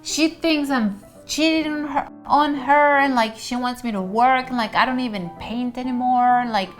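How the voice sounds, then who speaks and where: A woman's voice: high voice, moderate pace, faint music behind, lightly acted. A woman voicing a bitter, frustrated male painter who swears and rants. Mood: ranting. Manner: loud, ranting, profane.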